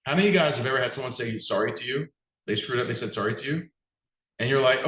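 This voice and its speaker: A man's voice: medium pitch, quick pace, fairly bright tone. Direct-talking man in an echoey room. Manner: direct, conversational, asks the audience questions. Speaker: business coach for martial arts school owners. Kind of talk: motivational talk to an audience.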